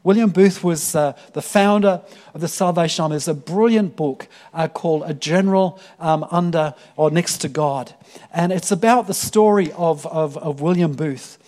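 With a bright tone and a high-pitched voice, this male pastor tells stories in an earnest sermon to his congregation. His speech is full of fillers like "um," repeated words and restarted phrases on the way to his point.

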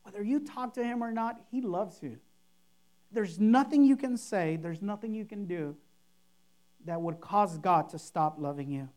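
A woman's voice: mid-range voice, measured pace, darkish tone. A woman pastor preaching a sermon, emphatic and repetitive, acting out showy and simple prayers to make her point. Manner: emphatic, repeats key phrases, mimics overblown prayers.

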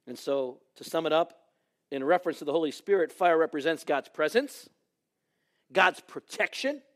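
A man preaching a sermon, telling stories dramatically and swinging from raised exclamations to hushed near-whispers. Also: fairly high pitch.

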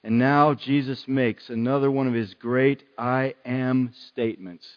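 A man's voice: mid-range voice, fairly even intonation, unhurried, lo-fi sound. A man preaching a sermon in an earnest way, repeating phrases for emphasis.

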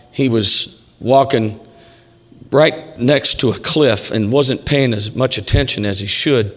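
In a church sanctuary, a male pastor preaches a sermon that's emphatic and repetitive, slipping in jokes along the way. His voice is mid-range and a bit bright, and the recording has the reverb of a church hall.

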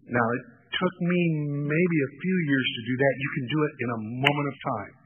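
A man preaching a sermon with passion and a hoarse voice, stretching out key words. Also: medium pitch, a little fast, a little hiss or hum. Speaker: pastor. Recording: tinny phone-like line.

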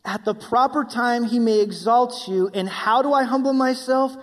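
A man's voice: very high-pitched, moderate pace. A man preaching a sermon as pastor, voicing his listeners' questions and closing in prayer. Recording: long reverb of a hall.

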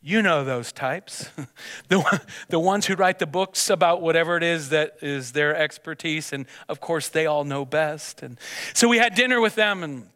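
A pastor preaching a sermon, telling a story with stammered restarts and repeated words. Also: male voice, fairly high pitch, normal speed, a bit bright. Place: church sanctuary. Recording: long church hall reverb.

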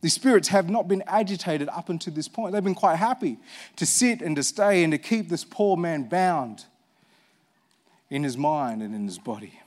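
A man's voice: on the high side, animated, normal speed. A man preaching a sermon, reading scripture and explaining it, emphatic and repeating phrases for effect. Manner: reads scripture aloud.

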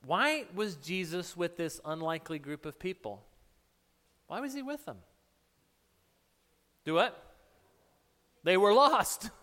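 High-voiced man preaching in a reverberant hall. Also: a bit bright. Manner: casual retelling with frequent restarts. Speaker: pastor leading a Bible study. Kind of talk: conversational sermon with audience questions.

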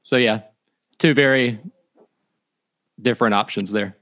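A man's voice: mid-range voice, measured pace, a bit bright. A man hosting a casual church staff podcast and closing the episode. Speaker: podcast host. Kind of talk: casual chat.

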